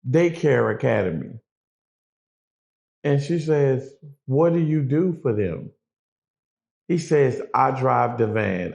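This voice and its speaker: A man's voice: mid-range voice, vocal fry, darkish tone. A middle-aged man, a guest, telling a prison story in casual, profane street talk, acting out the people he quotes.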